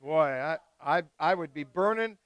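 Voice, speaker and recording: A man hosting a live wine tasting, chatting casually and excitedly with guests and swearing freely. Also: a little high, normal speed, clear, resonant tone, dry recording. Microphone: live stream mic.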